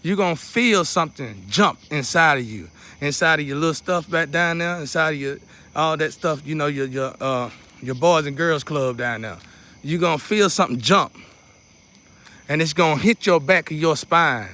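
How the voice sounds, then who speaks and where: This man, a spiritual teacher, sounds animated and talks at a moderate pace, his fairly high voice pushed and bright. He leads a meditation casually, repeating steps often and adding preacherly asides as he goes.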